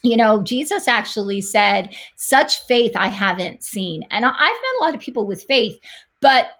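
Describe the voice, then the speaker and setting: A woman's voice: fairly high pitch, sing-song, moderate pace, a bit bright. A woman hosting a faith talk show, setting up a guest's story with encouraging, rambling lead-ins.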